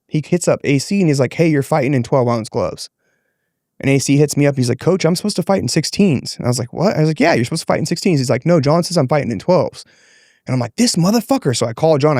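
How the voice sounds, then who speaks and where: A man's voice: mid-range voice, no room sound, clean studio sound. A man, a boxing coach, casually telling a heated story on a podcast, swearing often and acting out what people said. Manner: animated, swears often, acts out quotes.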